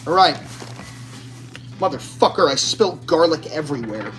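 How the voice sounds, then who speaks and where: A man's voice: high-pitched, animated, a little slow, long pauses, fairly bright tone. A man chatting casually to camera while cooking in his home kitchen, swearing freely and joking in a brash, chatty way. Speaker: home cook vlogger. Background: music.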